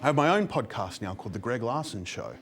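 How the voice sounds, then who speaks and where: A man's voice: mid-range voice, expressive, quick pace, fairly bright tone. Pompous man host, light music. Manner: pompous, self-important lecturing. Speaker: comedy show host. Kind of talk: scripted mock-instructional comedy.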